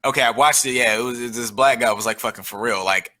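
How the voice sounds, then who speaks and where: A man's voice: mid-range voice, fast, pushed and bright, low-quality recording. A man telling a long, rambling story in casual chat, swearing often and restarting his sentences. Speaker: guest.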